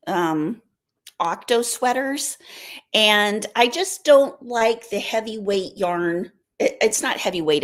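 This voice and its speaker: An American woman hosting a casual live stream, chatting in a rambling way and answering viewer comments. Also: medium pitch. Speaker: livestream host.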